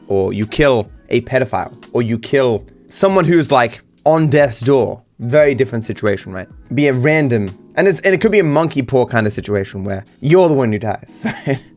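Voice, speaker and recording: A young Australian man, a YouTuber, rambling casually on his own with lots of fillers and restarts. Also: medium pitch.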